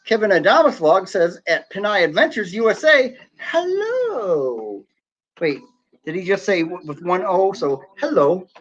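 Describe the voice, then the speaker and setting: A man's voice: sits high, big pitch swings, normal speed, a bit bright. A man hosting a casual live stream from home, chatting and reading out viewer comments. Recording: slightly dull lo-fi sound.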